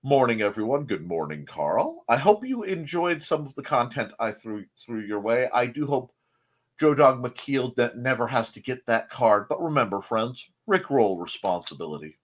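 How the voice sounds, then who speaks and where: A man hosts a relaxed morning livestream, greeting viewers and wandering into jokey, self-mocking tangents. His pitch swings widely from phrase to phrase, while his voice sits in an ordinary middle register. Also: normal speed. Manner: rambling, self-deprecating, jokey asides. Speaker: host of a live morning show. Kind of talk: casual live-stream chat reading comments.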